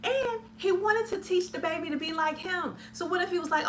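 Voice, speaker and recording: A woman's voice: extremely high pitch, fairly quick, few pauses, a little hiss or hum. A woman hosting a casual movie review chat. She rambles in a friendly way, stumbles over her words and fills gaps with lots of ums. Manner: chatty, hesitant, many fillers, laughs often. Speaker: film reviewer.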